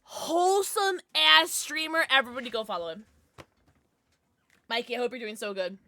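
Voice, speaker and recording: A woman's voice: on the high side, moderate pace, sharp tone, dry recording. A young woman live-streaming, chatting casually and bubbly as she reads her chat aloud, gasping and laughing often.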